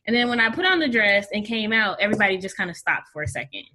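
A woman, a recent bride, telling her story in a relaxed, chatty way. She laughs easily. Her voice sits at an ordinary pitch. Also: quick pace, slight background noise. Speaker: interview guest, bride. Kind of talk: casual conversation.

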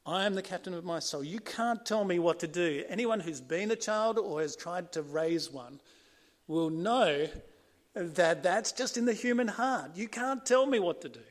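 A man preaching a sermon and reading from scripture, earnest, rising to emphatic points and dropping to hushed ones. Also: sits high, expressive, normal speed.

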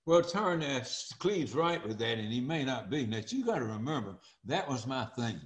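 An older man, telling stories in a folksy, animated way as an interview guest. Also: medium pitch, normal speed, reverberant. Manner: folksy and animated, acts out quoted voices. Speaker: interview guest, former speaker and coach. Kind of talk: storytelling interview.

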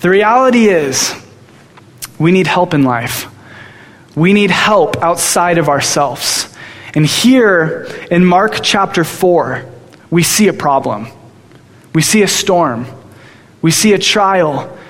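A young man preaching a sermon, telling stories in an animated way. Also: high-pitched, slow, pauses often. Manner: storytelling, animated. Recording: long hall reverb.

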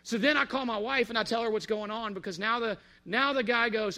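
A man telling a personal story in a casual, animated way and acting out the dialogue. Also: very high-pitched, a little fast. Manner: animated, acts out quoted dialogue.

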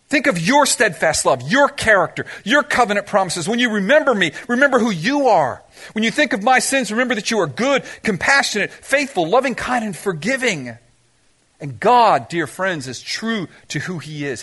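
A man's voice: high-pitched, pushed and bright, husky. A man preaching a sermon, asking the congregation rhetorical questions and mixing in humorous asides. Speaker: pastor.

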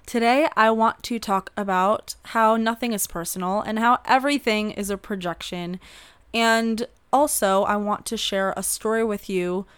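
A woman's voice: mid-range voice, fairly even intonation, moderate pace, a bit bright, smooth. A woman hosting her own podcast, telling a personal story to listeners in a chatty, upbeat way and laughing often. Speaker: podcast host.

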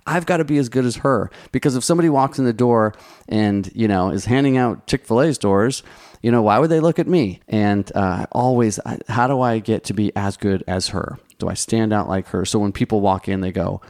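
A man's voice: lowish voice, a little mellow. Man casually giving career advice. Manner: conversational, many restarts and "you know" fillers. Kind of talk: casual advice talk, answering viewer questions.

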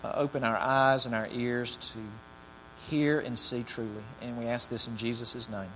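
A man's voice: medium pitch, flat delivery, moderate pace, a bit bright. A man preaching a sermon, reading scripture with rising emphasis, then praying and talking loosely with fillers. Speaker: pastor. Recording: long hall reverb, faint mains hum.

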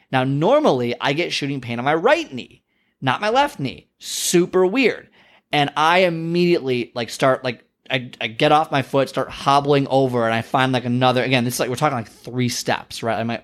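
A man's voice: mid-range voice, normal speed. Chatty rambling male podcast host. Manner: rambling and chatty, heavy with "like" and "you know"; self-deprecating storytelling. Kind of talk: casual solo podcast monologue.

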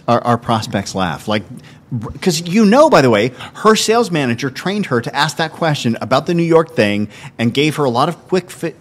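A man co-hosting a podcast and explaining sales strategies in a coaching manner. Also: mid-range voice. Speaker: podcast co-host. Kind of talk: casual business podcast chat.

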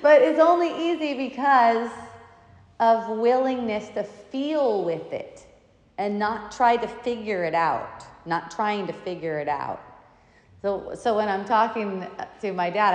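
A woman telling stories in a casual talk, meandering and often breaking into laughter. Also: mid-range voice. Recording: echoey room with long reverb.

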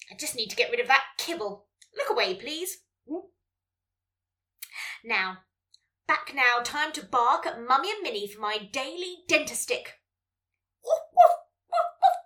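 A woman reading as a playful two-year-old family dog, chatting like a diary with excited barks. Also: high-pitched, distant mic, full character voice.

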